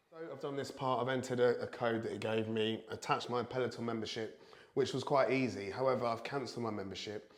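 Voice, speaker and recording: A man's voice: lowish voice, reverberant. A British man chatting casually as he reviews home fitness gear, thinking aloud with a self-deprecating manner. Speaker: product reviewer.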